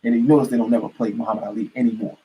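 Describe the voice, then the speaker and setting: A man's voice: mid-range voice, flat delivery, racing, warm tone, slight background noise, low-quality recording. A man giving an emphatic, repetitive political rant to camera as a commentator.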